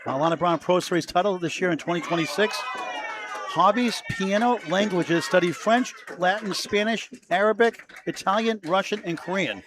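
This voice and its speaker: A man's voice: high voice, normal speed, noisy background. A man doing color commentary at a bowling match, reeling off player stats and sponsor plugs with joking banter. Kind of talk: live sports commentary.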